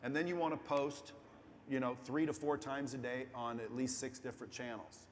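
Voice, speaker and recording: A man's voice: medium pitch, steady tone, normal speed. A man as an interview guest giving casual business advice, blunt and profane, speaking straight to viewers. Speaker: guest entrepreneur. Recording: echoey room with faint background noise.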